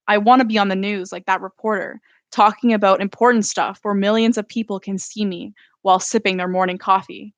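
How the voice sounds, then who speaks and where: A woman reads her own novel aloud in an even, steady first-person narration. Her voice sits at a middle pitch, and it is recorded close and dry, as on a live stream from home. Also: no echo. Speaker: author.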